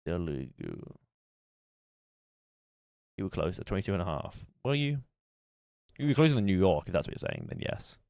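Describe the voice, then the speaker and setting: Brief: male streamer, very low voice, dry close sound, casual thinking-aloud chat. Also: wildly swooping pitch, moderate pace, gravelly, long pauses, a little mellow, dry recording. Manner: musing aloud while playing a guessing game.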